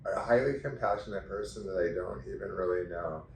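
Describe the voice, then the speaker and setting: Chatty low-voiced male guest, echoey room. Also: a little fast, vocal fry, a little hiss or hum. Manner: chatty, animated, laughs while telling stories. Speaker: interview guest. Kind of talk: casual interview chat. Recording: echoey room, mic at a distance.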